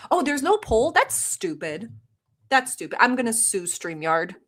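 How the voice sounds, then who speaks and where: A woman's voice: a little high, big pitch swings, a little slow. Brash sarcastic woman streamer. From Middle East. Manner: brash, sarcastic, mock-yelling at chat. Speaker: livestream host. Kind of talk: casual livestream commentary.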